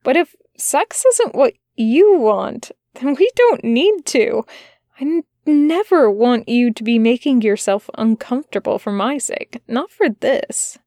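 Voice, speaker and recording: A woman voicing a fussy, gentle male angel who speaks tenderly and stammers when flustered. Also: on the high side, lively intonation, measured pace, no room sound, studio quality.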